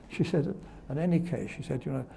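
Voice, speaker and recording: Speaking in a slightly high, creaky voice with a dark tone, an older TV presenter looks back on his career in an interview. He chuckles as he tells anecdotes and imitates the people he quotes, over a little hiss or hum.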